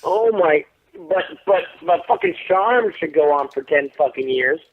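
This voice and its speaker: A man tells stories over a tinny phone line, loud and profane, swearing freely as he goes. His voice sits a little high, and the line sounds thin and narrow. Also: a little slow. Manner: profane, animated storytelling. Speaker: interview guest, actor. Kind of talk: casual phone interview.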